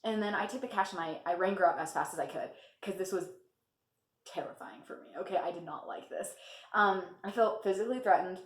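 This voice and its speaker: A young woman vlogger telling a work story in casual chat, laughing often and filling pauses. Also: medium pitch. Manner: chatty, laughs often, lots of fillers. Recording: echoey room.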